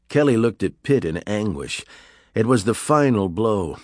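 A man narrating an audiobook thriller in a measured, even storytelling manner. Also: fairly low pitch, no echo, studio quality. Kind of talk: scripted narration.

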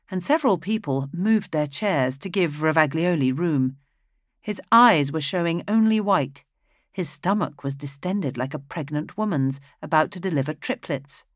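A woman with a low voice narrates a story aloud in a steady, even manner. The recording is dry and close, with no room sound. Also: dry recording. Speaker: audiobook narrator. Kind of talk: scripted narration.

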